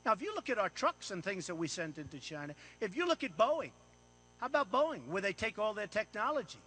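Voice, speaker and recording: An American paid speaker gives a boastful, off-the-cuff speech to an audience in an event room, repeating himself in punchy phrases. His voice is high-pitched and sing-song, a little fast, pushed, bright and husky.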